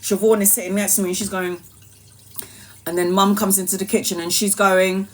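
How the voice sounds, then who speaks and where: Animated, swearing woman storyteller. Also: medium pitch, moderate pace, a little hiss or hum. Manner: animated, swearing, laughing anecdote. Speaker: tarot reader, streamer. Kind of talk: casual storytelling on a live stream.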